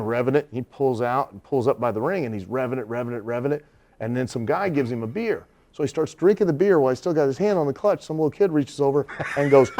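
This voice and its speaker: A man spins a long anecdote as a guest in a studio interview. His delivery is animated, broken by laughter, and he slips into the voices of the people he quotes. His voice sits at an ordinary middle pitch. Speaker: guest storyteller.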